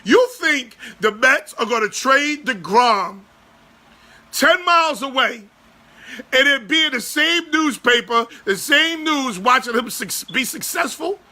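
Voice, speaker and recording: A man in his forties hosting a sports podcast, ranting loudly and profanely in exasperation. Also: extremely high pitch, expressive, measured pace. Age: 40s.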